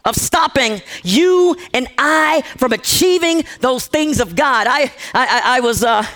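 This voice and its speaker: Very high-pitched shouting male preacher. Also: expressive, unhurried. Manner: storytelling, with repeated phrases and shouted climaxes; acts out characters' quoted lines. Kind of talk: sermon.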